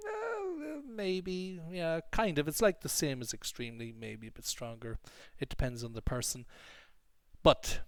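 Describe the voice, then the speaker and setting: A man's voice: mid-range voice, no echo. Emphatic English teacher, man, dry close sound. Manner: clear, emphatic teaching with repeated examples. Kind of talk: explanatory online lesson.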